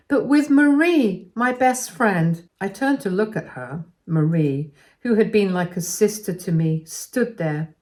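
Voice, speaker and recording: Low-voiced woman narrating a dramatic story. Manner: dramatic reading, voicing her own angry outbursts. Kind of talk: scripted first-person story narration.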